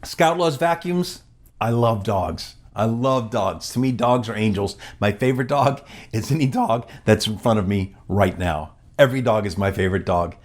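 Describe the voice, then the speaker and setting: A man giving a storytelling speech at a gala, animated and acting out the quoted dialogue of others. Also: fairly low pitch, normal speed, few pauses. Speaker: gala speaker.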